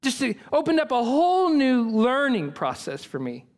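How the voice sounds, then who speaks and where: High-voiced man preaching a sermon. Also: huge pitch swings, normal speed. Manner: earnest, emphatic preaching with repeated phrases. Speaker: pastor.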